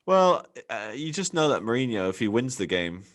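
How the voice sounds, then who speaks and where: Lively chatty man hosting a podcast. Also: mid-range voice, normal speed. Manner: chatty, laughs often. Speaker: podcast host. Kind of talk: casual chat.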